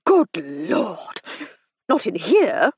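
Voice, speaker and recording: A man's voice: sits high, wildly swooping pitch, very slow, slightly rough, no echo, studio quality, heavily acted. A woman reading an audiobook, voicing a pompous, breezy upper-class army captain who blusters and drawls. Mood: shaken.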